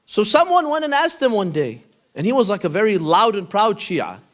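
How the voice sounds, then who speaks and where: A man giving a storytelling sermon, with a fairly high voice that swings widely in pitch. He reaches up for questions and drops low and soft on key lines, and he recites short quotes in Arabic. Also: big pitch swings, moderate pace. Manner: addresses listeners as brothers and sisters, recites Arabic quotes. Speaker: speaker at an Islamic institute. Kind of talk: storytelling lecture to a congregation.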